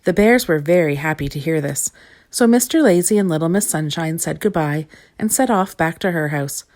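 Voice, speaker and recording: A woman's voice: low voice, moderate pace. Woman reading a storybook aloud. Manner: expressive, clear.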